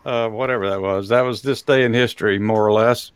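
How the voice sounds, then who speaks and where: A man's voice: fairly low pitch, fairly even intonation, a little fast, smooth, no echo. Texan man hosting a chatty show. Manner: rambling, chuckles often, hesitant with fillers. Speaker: host. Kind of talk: casual podcast chat.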